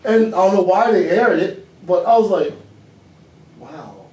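A man in casual conversation who tells stories in an animated way, acting out how people reacted. His voice sits a little high and comes from some distance off the mic. The room is echoey, with a faint hiss behind him. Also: a little fast. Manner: animated storyteller, acts out reactions. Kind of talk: casual chat.

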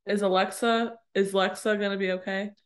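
A woman's voice: mid-range voice, flat delivery, moderate pace. A woman co-hosting a podcast, joking playfully and reading a novel's dialogue aloud with animation. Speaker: podcast co-host.

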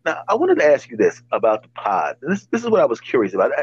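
A man's voice: mid-range voice, wildly swooping pitch, fast talker, breathy edge, no room sound, dull audio. A man in his fifties, telling stories in a rambling way with lots of restarts on a casual podcast. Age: 50s. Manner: rambling storyteller with many restarts. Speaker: podcast host.

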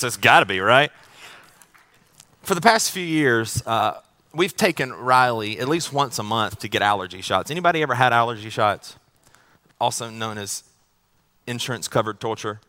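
A man's voice: medium pitch, animated, moderate pace, bright, forceful tone. A man preaching a sermon as pastor. He tells a family story in a casual, joking way and often repeats his words as he goes.

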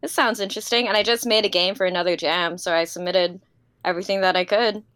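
A woman's voice: lowish voice, steady tone, fast, fairly bright tone, clean tone, dry recording. A woman guest on a live stream, upbeat and friendly, giggling as she chats about her work. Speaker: guest game developer. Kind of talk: casual interview chat.

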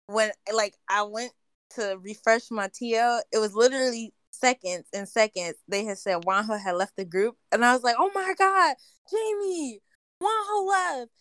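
A woman's voice: medium pitch, fairly even intonation, moderate pace, smooth, dry recording. A young woman in casual chat, telling a story with slang and acting out her own past lines. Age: young adult.

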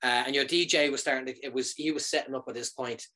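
A man telling a funny story in a loose, casual way. He keeps it animated and swears freely. He often pauses to ask "right?" to keep his listener with him. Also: mid-range voice.

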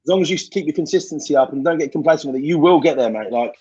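A man's voice: fairly high pitch, racing, darkish tone, breathy edge, dull audio. A man in casual podcast chat, blunt and sweary, giving fired-up motivational advice. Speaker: podcast guest.

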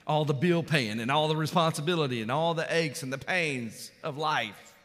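A man preaching a sermon, emphatic, building up to loud climaxes and asking the congregation for amens. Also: fairly high pitch, moderate pace. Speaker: pastor. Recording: long hall reverb.

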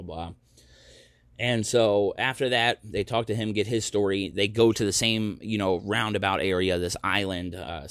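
Guy ranting on his podcast, low voice, swears a lot, sarcastic, dry close sound. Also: fairly bright tone, no echo. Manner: profane, sarcastic storytelling. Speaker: podcast host. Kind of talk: casual ranting commentary.

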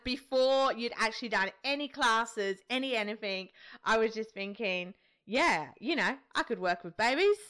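A woman's voice: on the high side, sharp tone. A young woman, a midwife co-hosting a podcast, chatting casually and acting out what people say to her. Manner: chatty, laughs often, acts out quotes. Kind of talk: casual chat.

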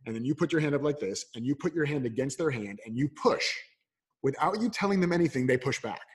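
Talking fast in a slightly rough, mid-range voice, a man answers a podcast interviewer's questions as a coach. The conversation is casual, and he tells stories with animation, voicing the characters in small exchanges.

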